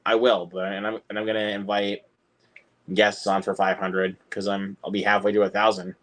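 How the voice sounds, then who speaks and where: Rambling low-voiced American guy. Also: flat delivery, moderate pace, a bit bright. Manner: rambling, with frequent restarts. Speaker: livestream co-host, film reviewer. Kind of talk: casual livestream chat.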